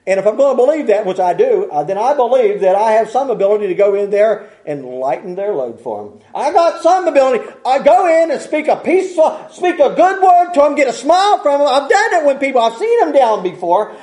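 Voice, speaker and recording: A man preaching with a very high, lively voice that rises and falls a great deal. His tone is dark and mellow rather than bright. He rambles in a folksy way, restarting his sentences and chuckling between points. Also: fairly quick, hardly any pauses. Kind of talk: sermon.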